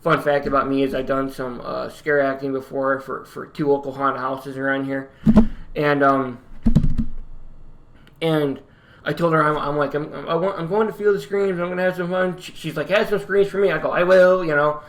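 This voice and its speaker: A young man from upstate New York telling a personal story in a casual vlog, rambling and halting with many fillers and restarts. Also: fairly high pitch, fairly even intonation, fairly bright tone. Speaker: YouTuber.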